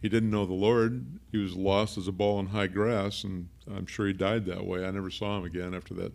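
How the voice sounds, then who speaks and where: A pastor delivers a conversational sermon, stopping to unpack word meanings and drift into asides. His man's voice sits low and carries a steady gravelly fry. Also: a little fast.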